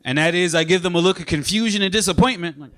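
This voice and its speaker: A man from Brooklyn, doing a stand-up comedy set on a club stage with punchy, animated delivery. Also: high-pitched, quick pace. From Brooklyn, New York.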